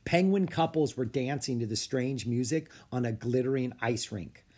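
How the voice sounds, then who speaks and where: A man narrating a children's book aloud with expressive storytelling. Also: mid-range voice, moderate pace. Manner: expressive, story-telling delivery. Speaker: audiobook narrator.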